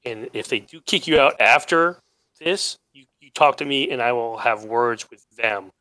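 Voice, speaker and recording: Man player, bright forceful tone, earnest in-character talk. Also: medium pitch, moderate pace, poor audio. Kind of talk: casual tabletop game chat.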